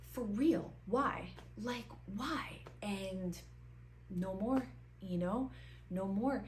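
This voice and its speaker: A woman's voice: on the low side, a little hiss or hum. A woman, talking casually to camera as a vlogger, emphatic and repeating herself for stress, with plenty of ums. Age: 40s. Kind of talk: casual motivational talk to camera. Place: seated indoors in front of the camera.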